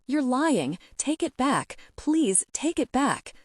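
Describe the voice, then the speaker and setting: Audiobook: a woman playing a terrified young woman, pitched up and pleading, dry close recording. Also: lively intonation, takes it slowly, a little mellow, no echo. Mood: desperate. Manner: raised, pleading, breathless delivery.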